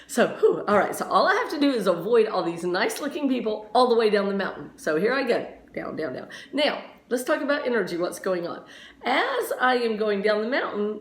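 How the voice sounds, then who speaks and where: A woman science teacher telling a lively story during a lesson, laughing often as she goes. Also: a little high. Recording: roomy echo.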